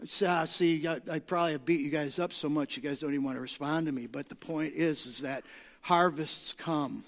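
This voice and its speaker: Guy preaching hard, repeats stuff, gets shouty, big hall echo. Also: a little high, brisk, gravelly. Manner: emphatic, repetitive lists, rises to shouting. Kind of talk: sermon. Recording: long reverb of a large hall.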